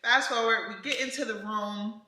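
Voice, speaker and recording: A woman vlogger casually telling her birth story in an animated way, often laughing. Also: a little high, normal speed, echoey room, rough recording.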